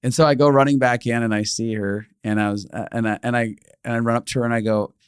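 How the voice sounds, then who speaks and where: A man in a casual spiritual podcast conversation, telling stories in an animated way and acting out the quotes. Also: medium pitch, fast talker, clear, resonant tone, no room sound, studio quality. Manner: animated storytelling, acts out quotes. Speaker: podcast speaker.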